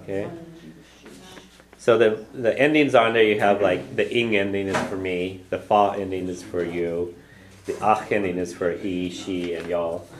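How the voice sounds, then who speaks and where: A man's voice: low voice, steady tone, measured pace, slight background noise. Patient man teaching a language class. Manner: patient, checks in often with "okay?"; models phrases for students to repeat. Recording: echoey room with class chatter.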